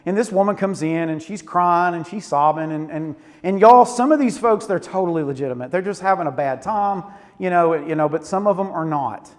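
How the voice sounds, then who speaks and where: High-voiced preacher in a hall. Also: male voice, fairly quick. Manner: animated storytelling with Southern "y'all". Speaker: youth pastor. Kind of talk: sermon. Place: church auditorium. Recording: reverberant hall.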